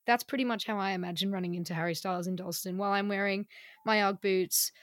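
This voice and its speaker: A young woman hosts a casual podcast, playful and quick to joke. Her voice sits in an ordinary middle pitch, recorded close and dry. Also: fairly even intonation, dry recording. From Australia. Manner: chatty and playful. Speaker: podcast host.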